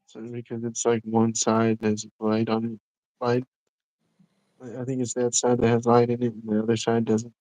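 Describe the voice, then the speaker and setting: A man's voice: mid-range voice, completely flat delivery, moderate pace, warm tone, dry recording, rough recording. Man in his own voice livestream co-host, rambling casual chat, dry close sound. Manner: rambling, filler-heavy, "you know what I'm saying".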